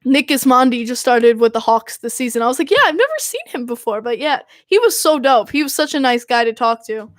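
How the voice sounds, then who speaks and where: A young woman hosting a podcast, talking in an excitable, gushing, filler-heavy way. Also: on the high side, a little fast, hardly any pauses, dry recording, studio quality. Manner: gushing, excitable fan talk with many fillers. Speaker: podcast host. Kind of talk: casual chat.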